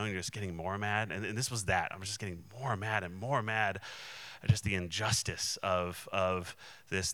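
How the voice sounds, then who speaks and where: A man's voice: on the low side, bright, forceful tone, no room sound. A man, a Christian minister, telling a personal testimony in an earnest, candid and emotionally open way. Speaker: Christian minister and conference speaker.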